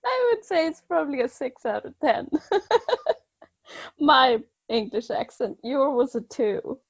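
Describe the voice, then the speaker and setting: A woman's voice: high-pitched, big pitch swings, unhurried, gravelly, husky, dry recording. A woman co-hosting a podcast in casual chat, giggly and self-conscious as she banters. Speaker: podcast co-host. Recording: dry, slightly dull lo-fi sound.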